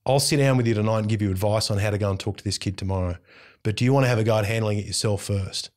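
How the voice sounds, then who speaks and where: A middle-aged Australian man, a radio host, telling a family story in casual conversation, animated and intense, acting out bits of dialogue. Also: lowish voice, racing. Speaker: radio host, interview guest.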